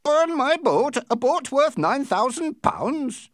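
A hot-tempered sea captain, put on by a man reading a storybook aloud. He blusters in a voice lifted far above the reader's own, swinging wildly in pitch, and the reading is slow and dry. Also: huge pitch swings, no room sound. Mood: outraged. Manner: blustering, rising to outraged shouts.

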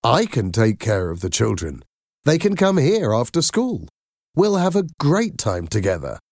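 A man's voice: mid-range voice, huge pitch swings, measured pace, no echo, studio quality, pitched above the performer's own voice, heavily acted. A man doing an eager, hopeful out-of-work dad.

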